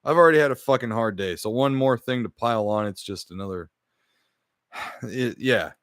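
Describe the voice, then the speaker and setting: Frustrated swearing podcast host, dry sound. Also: male voice, mid-range voice, moderate pace, fairly bright tone, no echo. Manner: frustrated, swears often, talks to the live chat. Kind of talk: casual streamed podcast chat. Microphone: podcast microphone.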